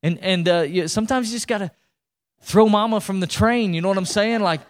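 A man preaching a sermon as pastor, energetic and repetitive, often restarting his sentences as he pushes his point. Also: high-pitched, a little fast.

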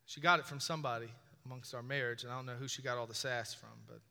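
Bright-voiced male preacher in a reverberant hall. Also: mid-range voice, steady tone, fast talker. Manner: conversational and joking, asks the audience questions. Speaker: pastor. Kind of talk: sermon. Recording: long reverb of a large hall.

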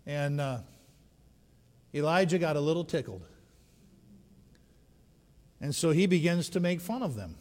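A man preaching a sermon as dramatic storytelling, rising to shouts and dropping to hushed tones, in a church sanctuary. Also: fairly high pitch, animated, moderate pace, long pauses. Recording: long reverb of a large hall.

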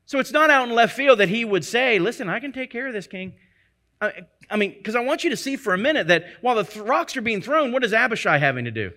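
A man preaches a sermon in a high, bright voice. He speaks earnestly and emphatically, doubling back on phrases to drive his point home. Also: big pitch swings, fast. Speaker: pastor.

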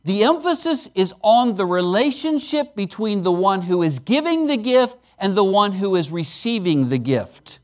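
A male preacher with a notably high voice delivers a sermon in an animated, conversational way. His pitch swings widely as he stresses key words, then drops into playful asides to the congregation. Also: moderate pace, hardly any pauses. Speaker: guest preacher at a missions conference. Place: church service.

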